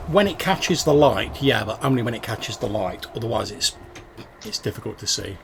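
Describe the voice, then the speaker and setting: A low-pitched man with a gravelly edge to his voice runs a tabletop game as game master. He sets scenes in a descriptive, unhurried way, with faint noise in the background. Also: animated.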